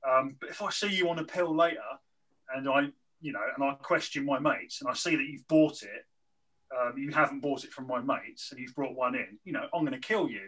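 Guy doing a quiet threatening club dealer, low flat voice, kinda bright. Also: fairly quick, rough recording. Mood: menacing. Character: menacing male drug dealer in a club.

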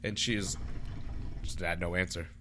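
A man's voice: low-pitched, steady tone, measured pace, a crowd in the background. A man casually telling a story from his bartending job, acting out rude customers in raised voices. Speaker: podcast co-host, bartender.

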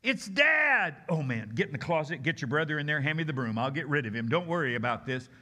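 A man's voice: on the high side, big pitch swings, a little fast, sharp tone, pitched above the performer's own voice, full character voice. A man voicing an alarmed, bossy village wife as she hurries her children out of sight. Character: frantic village wife, middle-aged woman.

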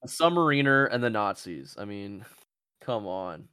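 A man's voice: on the low side, sing-song, a little slow, pushed and bright. A man hosting a casual comedy podcast, joking and swearing as he rambles. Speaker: podcast host.

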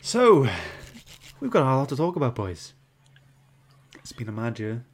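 Man, podcast host, casual chat, reads comments aloud, mid pitch. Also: very animated, a little slow. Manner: chatty, reads out viewer comments.

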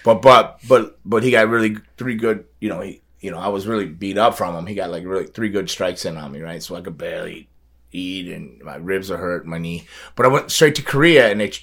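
A man's voice: deep voice, brisk, fairly bright tone. A man telling a long story as a guest, rambling with many fillers, repeats and frequent laughs. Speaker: guest, wrestler. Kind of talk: casual storytelling.

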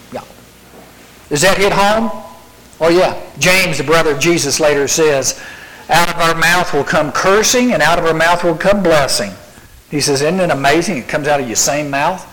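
A middle-aged man preaching a sermon to a youth group, acting out the quoted lines in animated storytelling. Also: a little high, low-quality recording.

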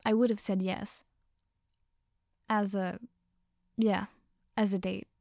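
A woman reading a story aloud and voicing a wry, soft-spoken young man who teases gently, close to her own voice. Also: mid-range voice, little pitch movement, slow, gravelly, dry recording.

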